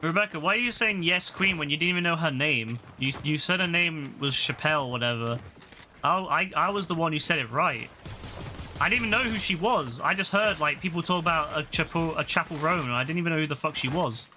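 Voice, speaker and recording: A young man commentating on his own gameplay in casual chat, swearing a lot and getting exasperated, with excitable outbursts. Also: a little high, fairly quick, a little hiss or hum. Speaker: gaming streamer.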